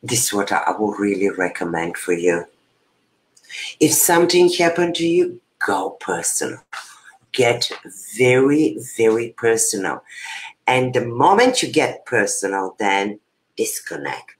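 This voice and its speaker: Woman, spiritual coach, interview guest. Unhurried, earnest, halting and repetitive. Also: very deep voice, animated, low-quality recording. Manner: earnest, halting, with repeated phrases and restarts. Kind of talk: heartfelt personal sharing in conversation.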